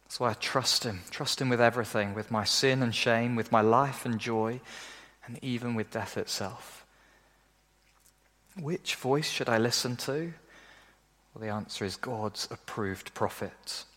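Animated preacher in a reverberant hall. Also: male voice, a little slow. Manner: animated, acts out quoted voices in a raised pitch. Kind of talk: sermon.

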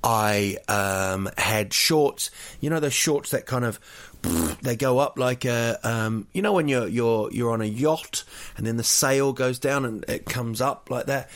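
A man with a New Zealand accent talks casually in a mid-range voice. He rambles through jokey anecdotes and stacks up fillers and false starts as he goes. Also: mid-range voice. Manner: rambling, jokey storyteller with many fillers and restarts. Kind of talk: casual chat.

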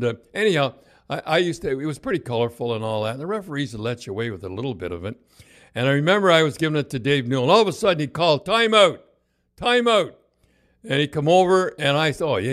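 Older man telling rambling hockey tales. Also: mid-range voice. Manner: rambling anecdotes, lively, many restarts and quoted voices. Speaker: former hockey coach. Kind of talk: casual storytelling chat.

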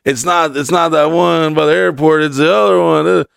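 A man's voice: a little high, fairly even intonation, moderate pace, gravelly, fairly bright tone, clean tone, no room sound. A man co-hosting a podcast, telling a story in a rambling, profane way with lots of fillers. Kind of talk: casual storytelling.

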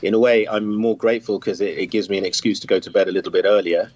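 Low-pitched guy calling in, dull muffled line, earnest and encouraging, kinda halting. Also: fairly even intonation, darkish tone. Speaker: caller. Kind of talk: phone-in call.

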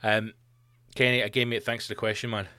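A man's voice: fairly low pitch, level tone, a little fast, sharp tone, no echo, clean studio sound. Sweary Scottish man rambling on a podcast. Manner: rambling, sweary, jokey asides. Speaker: podcast host. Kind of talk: comedic podcast monologue.

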